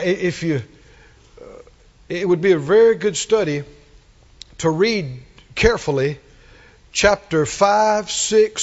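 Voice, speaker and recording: A man preaching a sermon, drawing out his words and building to emphatic shouted refrains. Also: on the high side, lo-fi sound.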